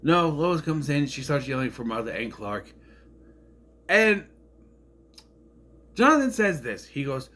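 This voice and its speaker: Guy ranting thru a tv recap, kinda sarcastic, voice jumps all over, a bit high. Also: sing-song, a little slow, long pauses, a bit bright. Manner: sarcastic, rambling, sputters with indignation. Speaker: show reviewer. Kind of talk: casual rambling recap.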